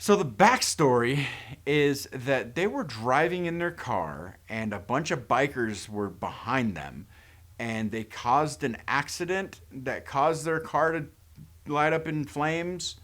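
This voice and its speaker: A man's voice: mid-range voice, lively intonation, slow pace, fairly bright tone. Sarcastic man recapping a horror movie. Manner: sarcastic, incredulous. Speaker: movie reviewer. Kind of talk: casual plot recap and commentary.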